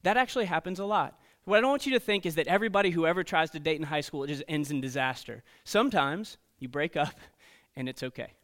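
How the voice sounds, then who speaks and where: A man preaching to teenagers as a youth pastor, telling stories in an animated way and checking in often with "okay?" and "right?". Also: a little high, fast, few pauses. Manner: storytelling, animated, frequent "okay?" and "right?" asides. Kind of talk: sermon to teenagers.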